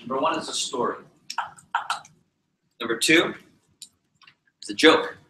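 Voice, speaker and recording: An energetic man coaching a room on public speaking. His voice is bright and forceful, and it echoes off the walls of an indoor training room with faint ambience in the background. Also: a little high, unhurried, a little hiss or hum. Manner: energetic, quizzes the audience. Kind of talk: training seminar talk.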